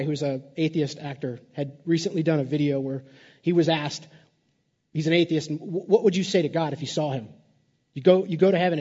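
A man's voice: fairly high pitch, warm tone, long reverb tail, lo-fi sound. A man preaching a sermon in a conversational way, repeating words and adding playful asides. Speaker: pastor.

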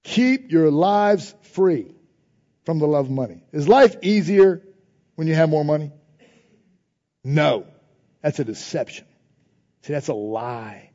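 Male pastor, sermon, high mellow voice, casual phrasing, call-and-response refrains, reverberant hall. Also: dull audio. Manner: preaching with rising emphasis, repeated refrains and call-and-response; informal phrasing, dropping to soft prayerful tones.

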